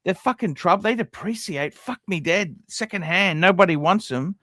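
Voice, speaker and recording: A blunt, profane middle-aged man chats casually on a livestream. His voice sits high for a man, and the sound is close and dry with no room around it. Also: animated, normal speed, bright, forceful tone, no echo. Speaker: livestream host.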